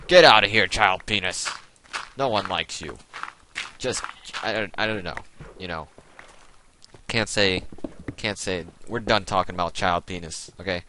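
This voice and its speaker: A man's voice: low voice, pushed and bright, slight background noise, rough recording. A young man rambling through jokey tangents while playing a video game. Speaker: gaming video host. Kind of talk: rambling let's play commentary.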